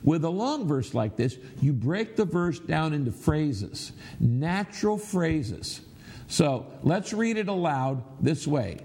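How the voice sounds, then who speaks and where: A man's voice: a little high, very animated, slow pace, a little mellow, breathy edge. A middle-aged man preaching a sermon, teaching his congregation and leading them in reciting aloud, with emphatic repetition. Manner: instructive, leads the audience in reciting aloud; emphatic, repeats phrases for emphasis. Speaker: pastor.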